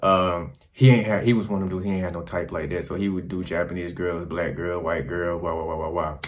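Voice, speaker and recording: A man vlogging to camera, telling crude, rambling stories in an animated, casual way. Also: deep voice, fairly quick, a little hiss or hum. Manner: animated, crude and rambling, slipping into quoted voices. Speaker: travel vlogger.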